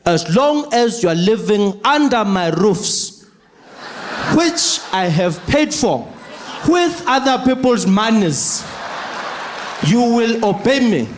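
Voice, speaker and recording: A man playing a slow, stern president-father. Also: sits high, very animated, full character voice. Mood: scolding. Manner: slow, drawn-out, mock-stern. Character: stern middle-aged African president scolding his daughter.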